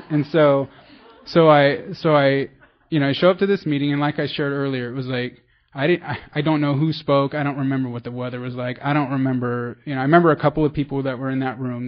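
This lo-fi clip has a mid-range male voice: a Bay Area man at a recovery meeting offering personal testimony. He rambles, runs himself down, and restarts many times.

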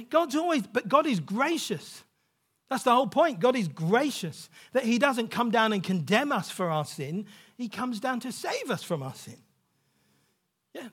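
A man's voice: very high voice, sing-song, measured pace, fairly bright tone, slightly rough. A male preacher giving a sermon in a conversational, emphatic way, often checking in with the congregation.

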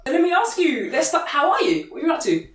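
A woman's voice: high voice, fast talker, recorded from a distance. Woman podcast host, playful chatter, roomy kitchen sound, a little off-mic. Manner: playful, laughs often, lively. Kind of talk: casual chat. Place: home kitchen.

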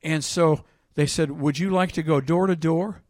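A preacher with a somewhat high voice delivers a sermon at a moderate pace, recorded close and dry with almost no room sound. His animated delivery swings from loud, emphatic scripture reading to a quiet, conversational story from his own ministry.

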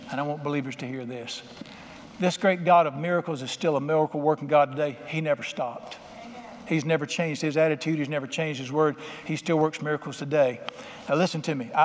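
A man's voice: a little high, a little hiss or hum. A man preaching a sermon as pastor, exhorting his congregation and leading call-and-response. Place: church sanctuary. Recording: long hall reverb with faint music.

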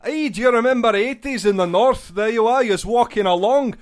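A man's voice: very high-pitched, fairly quick, pitched above the performer's own voice. A man doing an impression of a stand-up comic, ranting mockingly. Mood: scornful.

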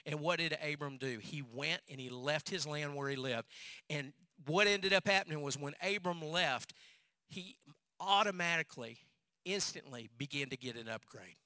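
A male pastor preaching a sermon as an animated storyteller who repeats phrases for emphasis. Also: on the high side, moderate pace, dry recording.

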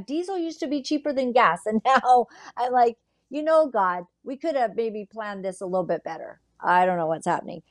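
A woman talking casually to her audience and reading scripture, chatty and animated, acting out quotes in playful voices. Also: medium pitch. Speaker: online commentator and preacher.

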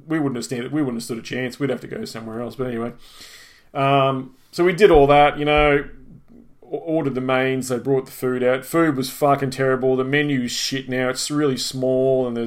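A middle-aged man, co-hosting a podcast and telling a long, exasperated, swear-filled complaint in a casual way. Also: mid-range voice. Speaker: podcast co-host. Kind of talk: casual ranting storytelling.

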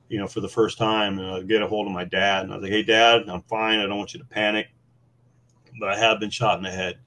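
Lowish-voiced man telling war stories. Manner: animated, laughing, many fillers. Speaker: podcast guest, former Marine. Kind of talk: casual storytelling.

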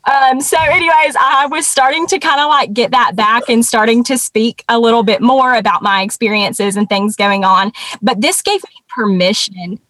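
A woman guest telling a personal story in an earnest, conversational way, with many pauses and restarts. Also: a little high, steady tone, a bit bright, dry recording.

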